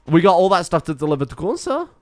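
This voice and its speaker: A man's voice: sits high, big pitch swings, fast. A young man streaming a farming game, chatting casually with a friend and reading character lines in goofy voices. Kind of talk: casual gaming chat with a co-player.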